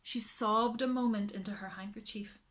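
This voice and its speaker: A woman reading a children's storybook aloud in a slow, expressive way. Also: mid-range voice.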